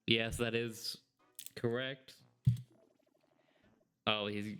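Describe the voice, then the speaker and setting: A man's voice: lowish voice, steady tone, slow pace, long pauses, bright, forceful tone, clean tone. A man giving casual let's-play commentary, joking and sarcastic and laughing often. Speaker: gameplay commentator.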